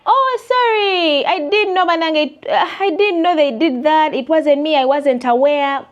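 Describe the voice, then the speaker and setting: A woman doing a flustered business owner who begs and apologizes in a high, whiny voice. The pitch jumps far above a normal speaking voice and every line comes out as a plea. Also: a little slow, lo-fi sound. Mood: flustered denial. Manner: high, begging, over-apologetic.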